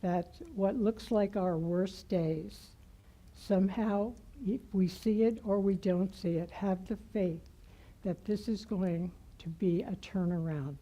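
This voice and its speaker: A woman minister giving a gentle, heartfelt sermon in a church. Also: mid-range voice, steady tone, takes it slowly, rough recording. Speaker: guest minister. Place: church sanctuary.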